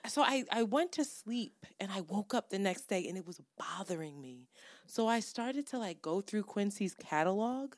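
Woman podcast co-host, casual storyteller, swearing freely, lively up-and-down delivery, dead-dry booth sound. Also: mid-range voice, moderate pace, no room sound. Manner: animated, profane, builds to heated.

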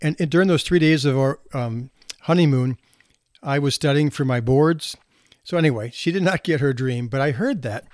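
In a casual storytelling mood, a physician in his sixties recounts marriage and parenting anecdotes, with chuckles, laughter and restarts. His mid-range voice is a little mellow and moves at a normal pace. Studio-quality audio, no room sound.

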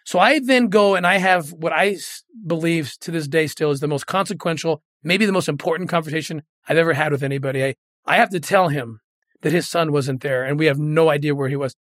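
A man's voice: a little high, brisk, a bit bright, no echo, studio quality. A middle-aged man, a guest in an interview, telling a moving story earnestly and often repeating words when moved.

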